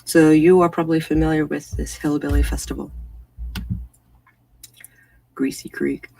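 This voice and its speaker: A woman's voice: low-pitched, little pitch movement, a little slow, vocal fry, dark tone, no room sound, poor audio. A woman hosting a casual morning chat stream from home, chatting and answering viewers' messages. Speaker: livestream host.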